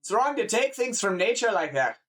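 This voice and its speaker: Loud farmer, gruff and scolding. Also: male voice, sits high, sing-song, fairly quick, pitched above the performer's own voice, heavily acted. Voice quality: loud, barking. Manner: scolding, blunt. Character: gruff red-bearded male farmer, scolding and nosy.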